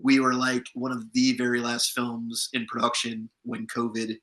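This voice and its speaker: A man's voice: mid-range voice, monotone, normal speed, a bit bright, rough recording. A man, an actor guest in an interview, chatting through anecdotes from set with many restarts. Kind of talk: casual interview storytelling.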